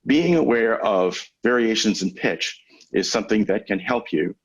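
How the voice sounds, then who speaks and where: A man coaching lawyers on public speaking in a webinar over a video call, teaching in a measured, conversational way with deliberate pauses. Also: on the low side, expressive, highs cut off. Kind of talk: webinar lecture. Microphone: video call microphone.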